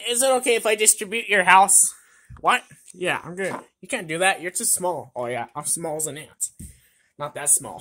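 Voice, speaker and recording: A woman play-acting toy characters in turn, bursting into giddy shrieks of excitement. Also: on the low side, normal speed, husky.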